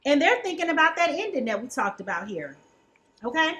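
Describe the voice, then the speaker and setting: A woman gives a casual tarot reading in a bright, sharp voice. She talks in a chatty, colloquial way and often stops to ask "okay?". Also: high-pitched, very animated, fairly quick, low-quality recording. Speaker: tarot reader.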